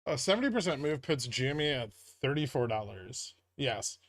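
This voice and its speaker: A man hosting a casual stock-market livestream, reading viewer chat aloud and answering in a relaxed, rambling way. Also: mid-range voice, normal speed.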